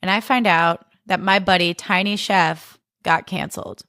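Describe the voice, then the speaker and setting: A woman's voice: fairly low pitch, steady tone, moderate pace, pushed and bright, dry recording, studio quality. A young adult woman hosting a podcast alone, talking casually, candidly and emotionally, and swearing freely. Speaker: podcast host. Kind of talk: casual solo chat.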